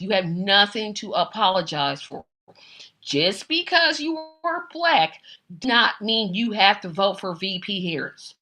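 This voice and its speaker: A woman hosting a live-stream commentary show, speaking with an emphatic, animated delivery. Her voice is bright and forward, and she often repeats phrases for emphasis while talking straight to her viewers. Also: mid-range voice, unhurried. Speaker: political commentary host.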